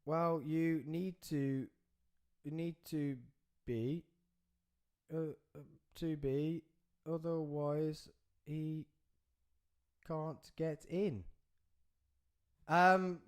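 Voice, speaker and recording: A man's voice: a little high, fairly even intonation, slow pace, long pauses. A man hosting a live podcast. He rambles and jokes, and he keeps breaking off to talk to the crew. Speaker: podcast host.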